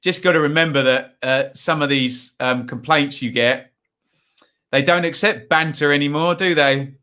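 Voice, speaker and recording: A man's voice: on the high side, normal speed, bright, forceful tone, clean tone. A man hosting a live football watchalong, giving chatty, rambling commentary full of asides and tag questions. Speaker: watchalong host.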